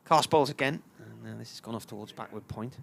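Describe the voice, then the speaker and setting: A man's voice: medium pitch, a little fast, vocal fry, fairly bright tone. A man, commentating on live cricket and telling a long, chatty anecdote. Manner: chatty storyteller, puts on voices for characters in his tales.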